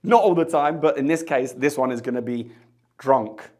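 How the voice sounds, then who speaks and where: A man's voice: a little high, brisk, a little mellow. A man, a bartender, chatting casually to camera as he tastes cocktails, with jokey asides. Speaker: bartender host. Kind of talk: casual tasting chat to camera.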